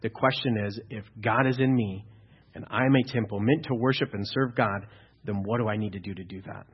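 A pastor preaching a sermon, building to loud, emphatic exhortation at times. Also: male voice, fairly low pitch, steady tone, brisk, breathy edge, highs cut off.

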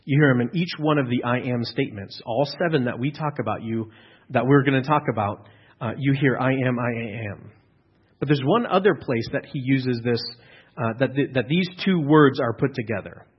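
A man's voice: mid-range voice, normal speed, slightly rough, lo-fi sound. A man preaching an earnest teaching sermon, restarting phrases and adding fillers as he explains. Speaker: pastor.

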